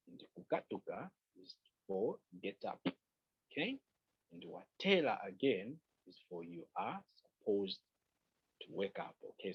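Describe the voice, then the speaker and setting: A man's voice: on the low side, gravelly, breathy edge, muffled recording. A man from Zambia with a Zambian accent, teaching an online language class, patiently repeating phrases and checking in with "okay?".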